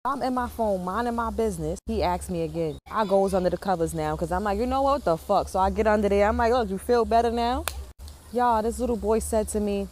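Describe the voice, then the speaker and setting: A mother telling a story in a casual, animated way, full of swearing and drama. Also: medium pitch, a little fast, slight background noise.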